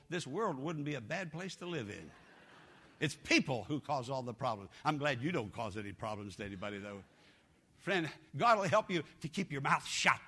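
Male pastor, fervent sermon delivery, bright tone. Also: a little high. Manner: fervent, exhorting preacher.

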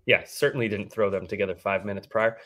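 A man's voice: on the low side, steady tone, fast talker, a bit bright. Joking man in sports chat. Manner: joking, self-mocking. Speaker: podcast co-host.

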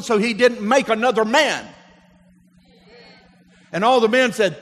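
A pastor with an extremely high-pitched, fairly bright voice preaches a sermon at a measured pace, leaving long pauses as he calls on his congregation to repeat after him. The recording carries the long hall reverb of a church sanctuary.

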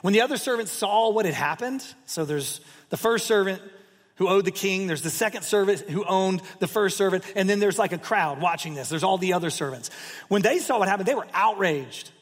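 Pastor, male, expressive storyteller; husky voice, long hall reverb. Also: sits high, fairly quick. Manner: expressive, emphatic storytelling with asides. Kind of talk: sermon.

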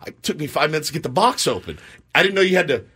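A middle-aged man co-hosting a morning radio show, telling stories with lively put-on voices. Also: a little high, racing, husky. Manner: animated storyteller, acts out voices in his stories. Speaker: sports radio co-host. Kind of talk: casual morning-show banter.

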